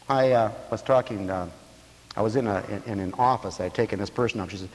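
A man's voice: fairly low pitch, fast talker, in a large hall. A man preaching a sermon to a radio audience, telling stories and acting out the voices of people in them.

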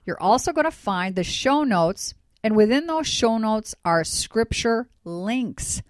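A woman reading a brisk, friendly podcast outro as announcer. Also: a little high, lively intonation, no echo. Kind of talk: scripted outro.

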